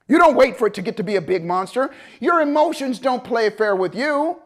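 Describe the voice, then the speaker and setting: A man speaking as a motivational speaker in a storytelling seminar talk, animated and acting out the people he quotes. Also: very high-pitched, a little fast.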